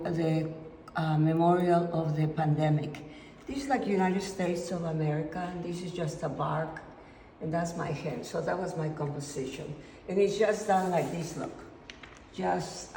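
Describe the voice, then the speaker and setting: Woman, Mexican Spanish accent, gravelly and mellow, excitable studio-tour artist in an echoey room, heard from off-mic. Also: fairly low pitch, far from the mic, a little hiss or hum. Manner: excitable, rambling, switches into Spanish. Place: indoor home studio.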